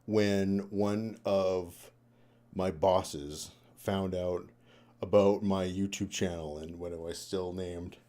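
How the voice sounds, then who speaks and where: A young man with a low, mellow voice chats loosely on a live stream. He rambles, swears freely and laughs between thoughts. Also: steady tone, takes it slowly. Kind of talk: casual live-stream chat. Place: home room.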